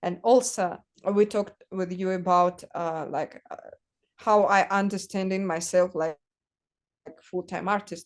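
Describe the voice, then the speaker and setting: Woman telling stories haltingly. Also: on the low side, fairly even intonation. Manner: halting, searching for words, many fillers. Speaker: guest artist. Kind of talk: casual conversational storytelling.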